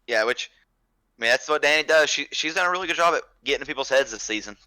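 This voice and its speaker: A man's voice: mid-range voice, expressive, fast, bright, forceful tone, no room sound. A young man co-hosting a podcast in casual chat, hedging with "I mean" and short agreeing replies. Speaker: podcast co-host.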